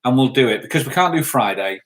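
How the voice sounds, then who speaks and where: A middle-aged man co-hosting a casual live stream. He reads viewers' comments out loud, thanks people by name and cracks jokes along the way. His voice sits at an ordinary pitch for a man. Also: animated, fast.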